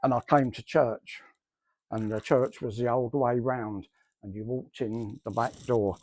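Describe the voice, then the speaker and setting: At medium pitch, unhurried and steady with a darkish tone, a middle-aged church member gives his personal testimony. His account meanders, and he plays out the remembered dialogue.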